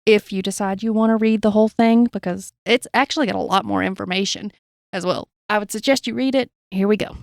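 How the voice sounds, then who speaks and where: A woman's voice: mid-range voice, a little fast, dry recording. A woman hosting a true crime podcast, reading a transcript aloud with blunt personal asides, in a dry recording. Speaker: podcast host.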